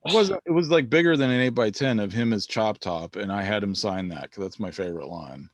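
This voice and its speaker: Host, male, low and expressive, laid-back reminiscing. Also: fairly quick, no echo. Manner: laid-back, profane, laughs often. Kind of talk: casual chat.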